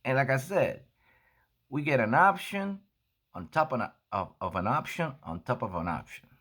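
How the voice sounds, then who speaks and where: A man's voice: mid-range voice, lively intonation, fairly bright tone. A man who sells coffee, telling a story in a casual monologue and acting out the dialogue as he retells it. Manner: unhurried, acts out dialogue in his retelling. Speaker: coffee seller and vlogger.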